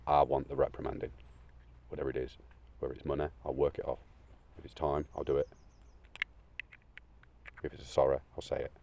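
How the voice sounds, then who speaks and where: A man with a very low, gravelly voice pours out a rambling, tearful monologue. He swears freely and lurches from loud bursts to hushed, almost whispered lines. Faint noise hangs behind him. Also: level tone, fairly quick. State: crying. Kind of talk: emotional unscripted monologue.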